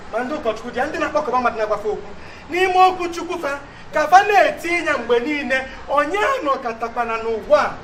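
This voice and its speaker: A man's voice: very high-pitched, a bit bright, a little hiss or hum. An actor playing a preachy man with a Nigerian accent who lectures in an emphatic, sermon-like way. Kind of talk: comic TV drama. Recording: roomy and distant.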